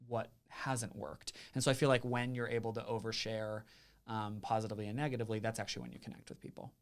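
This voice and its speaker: A man hosting a podcast, a parent, chatting casually with a guest in a bold, upbeat, in-your-face manner. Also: on the low side. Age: adult, a parent. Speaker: podcast host. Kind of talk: casual interview chat.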